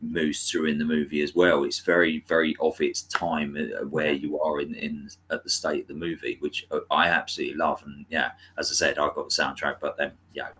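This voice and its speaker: Very deep husky man chatting. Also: little pitch movement, brisk, few pauses, a bit bright. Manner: enthusiastic, chatty, trails off and restarts. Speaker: podcast co-host. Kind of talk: casual film discussion.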